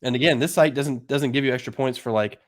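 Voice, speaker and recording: A man's voice: mid-range voice, fast talker. A man co-hosting a casual podcast, quizzing and teasing his co-host in an upbeat way. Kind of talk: casual chat.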